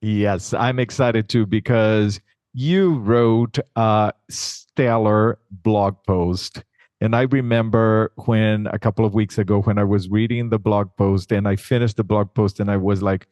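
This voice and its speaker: A man's voice: on the low side, steady tone, measured pace, darkish tone, no room sound, clean studio sound. A man hosting a coaching podcast, talking with enthusiasm and often restarting his sentences. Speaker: podcast host. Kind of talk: podcast conversation.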